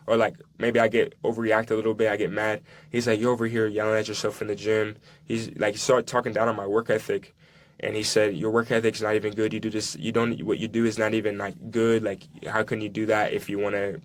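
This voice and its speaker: A young man, a soccer player, telling his own story in a casual conversation. He acts out old dialogue, stopping and restarting as he goes. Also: lowish voice. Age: young adult. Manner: recounts dialogue, halting restarts.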